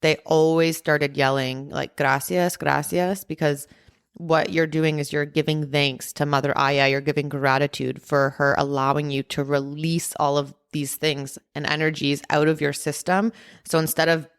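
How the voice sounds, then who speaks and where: Low-voiced woman telling a story. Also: little pitch movement, moderate pace, clear, resonant tone. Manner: chatty, heavy use of "like" and "um" fillers. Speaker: podcast host. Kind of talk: casual personal storytelling.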